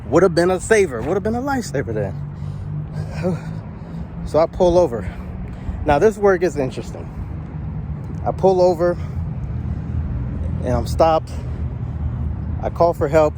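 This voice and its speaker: A man walking outdoors at night, out of breath, telling a story to his small handheld camera in a chatty, animated way. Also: medium pitch. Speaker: vlogger. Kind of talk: casual storytelling vlog. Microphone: small handheld action camera. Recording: faint outdoor traffic noise.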